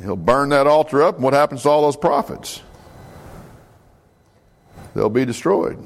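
A man teaching a Bible class in a relaxed, conversational way, with many fillers and self-corrections and questions put to the class. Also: medium pitch, moderate pace. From United States. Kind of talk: casual Bible class lecture.

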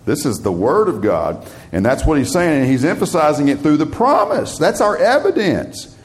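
A male preacher with a mid-range voice that rises and falls a lot. He reads scripture aloud slowly and with weight, then drops into plain, conversational explanation for his congregation. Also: medium pitch, very animated. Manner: reads scripture slowly and emphatically, talks plainly between readings. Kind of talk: sermon with scripture reading.

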